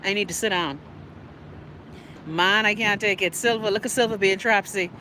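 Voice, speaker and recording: A woman's voice: medium pitch, fairly even intonation, moderate pace, sharp tone, a little hiss or hum. A middle-aged woman with a Bahamian accent hosting a live talk show. She rants in a brash, profane way and teases her viewers by name. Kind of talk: casual live-stream rant.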